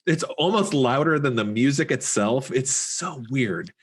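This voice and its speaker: Male co-host, mid-pitched, easygoing rambling film recap. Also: a little slow, breathy edge. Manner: relaxed, rambling recaps with filler words. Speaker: podcast co-host. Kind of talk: casual chat about a horror film.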